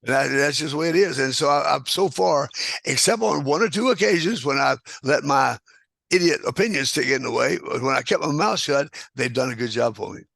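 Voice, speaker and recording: A man's voice: mid-range voice, a little fast, gravelly, a bit bright, dry recording. An older man, a guest telling rambling anecdotes with chuckles and restarts. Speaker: guest square dance caller. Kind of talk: casual storytelling interview.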